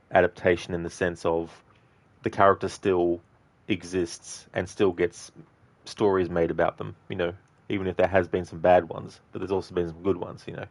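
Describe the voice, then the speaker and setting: A man's voice: sits low, gravelly, no room sound. A man giving casual, rambling commentary over gameplay, full of fillers. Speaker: game streamer.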